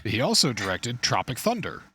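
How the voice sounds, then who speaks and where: A man's voice: medium pitch, wildly swooping pitch, moderate pace, a loud crowd. A man co-hosting a podcast, chatting casually about movies and shows, rambling, swearing and losing his train of thought. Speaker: podcast co-host. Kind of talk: casual chat.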